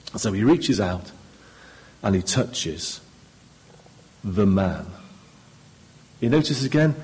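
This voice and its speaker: A man preaching a sermon, expressive, with dramatic pauses and key words trailing off low. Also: husky, low-quality recording.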